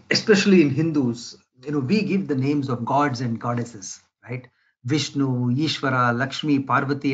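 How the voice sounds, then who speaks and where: A man's voice: mid-range voice, lo-fi sound. A man giving a lecture in a conversational way, often checking in with his listeners. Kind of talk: spoken lecture.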